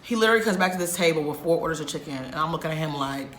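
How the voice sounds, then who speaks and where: Woman vlogger with a bright voice, animated storytime delivery and frequent swearing, in an echoey room. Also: low-pitched, very fast, hardly any pauses, a little hiss or hum. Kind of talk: storytime vlog.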